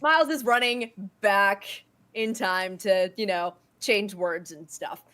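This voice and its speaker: A woman's voice: mid-range voice, takes it slowly, bright, forceful tone, clear, resonant tone. A woman co-hosting a podcast, telling a story in casual chat and acting out the quotes with bursts of laughter. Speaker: podcast co-host.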